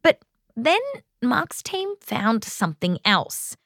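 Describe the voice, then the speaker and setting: A woman's voice: a little high, very animated, slow, a bit bright, dry recording, clean studio sound. A woman with an Australian accent hosting a science show, narrating from a script in a playful, wry way and interviewing a guest. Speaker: host.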